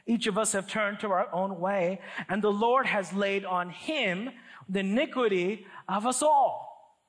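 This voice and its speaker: A man preaching a sermon, earnest and emphatic, reading scripture aloud in a measured voice and then rising and falling in pitch and volume to stress his points. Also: fairly bright tone.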